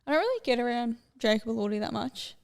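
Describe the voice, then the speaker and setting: Chatty young woman with gravelly fry. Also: a little high, sing-song, fast. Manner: chatty, rambling, easily sidetracked. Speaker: podcast co-host. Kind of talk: casual chat.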